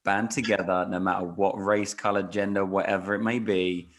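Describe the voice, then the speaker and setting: A man on a sports podcast talks with plain enthusiasm, telling the story in an animated way. His voice is on the low side, and the chat is relaxed and conversational. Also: moderate pace, crowd noise. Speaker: podcast co-host. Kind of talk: casual chat.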